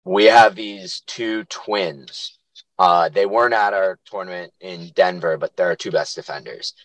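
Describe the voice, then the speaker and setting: A man's voice: sits low, measured pace, no echo, poor audio. Chatty young man telling stories. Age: young adult. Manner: animated storyteller, acts out quotes. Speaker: podcast co-host and youth lacrosse coach. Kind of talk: casual chat.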